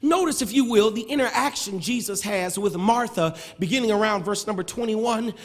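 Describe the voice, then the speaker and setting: A male pastor preaching a sermon, building into shouted, sing-song cadences with touches of humor. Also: high voice, moderate pace. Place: large church sanctuary. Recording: long church reverb.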